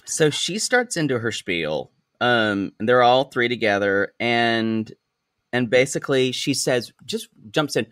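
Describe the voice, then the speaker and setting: A man in a casual podcast chat, using a lively, up-and-down voice at a middle pitch. He is wry and chatty and calls his listeners y'all. It is recorded close and dry. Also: unhurried, smooth, no room sound. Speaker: podcast co-host.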